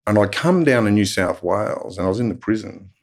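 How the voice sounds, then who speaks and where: Fairly low in pitch, animated, and a little fast, this middle-aged Australian guest bluntly shares prison stories in casual conversation, cursing freely throughout.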